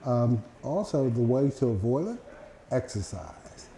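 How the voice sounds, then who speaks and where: Older man with halting, echoey speech. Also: medium pitch, big pitch swings, gravelly, mellow. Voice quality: speech that tires and falls apart. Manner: halting, with fillers and slow careful words. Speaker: guest. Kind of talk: interview answers. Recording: echoey room with faint noise.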